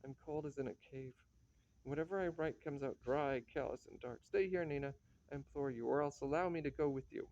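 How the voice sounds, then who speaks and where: An anguished, lovesick young writer, read aloud by a man, who pleads and stammers through his lines from a play. His voice is fairly high, with a dark, mellow tone. The sound is dry and slightly lo-fi. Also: fairly quick, no room sound, close to an everyday voice. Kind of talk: dramatic play reading.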